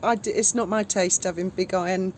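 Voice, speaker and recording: Woman in home chat, deadpan teasing, mid-pitched voice, faint hiss behind. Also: brisk. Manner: dry, teasing interjections. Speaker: wife of the vlogger. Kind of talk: casual chat.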